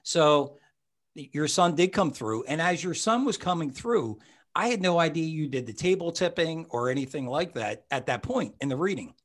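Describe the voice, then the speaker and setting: A man's voice: fairly high pitch, lively intonation, normal speed. A man hosting a podcast as a psychic medium, talking in a rambling, chatty way and often correcting himself. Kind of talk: casual conversation.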